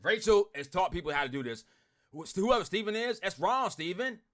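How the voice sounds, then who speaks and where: A man ranting bluntly to his online group, swearing a lot, repeating himself and swinging from loud outbursts to muttering. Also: sits high, lively intonation, brisk. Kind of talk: heated profane rant to followers.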